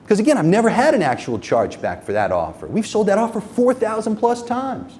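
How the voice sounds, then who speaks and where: A man's voice: high voice, very animated, brisk, hardly any pauses, darkish tone. Emphatic, profane man working a room. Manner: profane, emphatic, asks the audience constant checking questions. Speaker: marketing agency owner presenting a workshop. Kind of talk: live seminar talk to a room. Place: room with a live audience.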